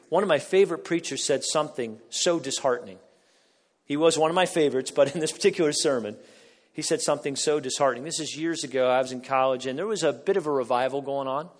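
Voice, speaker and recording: A middle-aged man preaching a sermon as a pastor, swinging from quiet asides to loud, emphatic bursts. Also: mid-range voice. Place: church sanctuary. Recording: long hall reverb.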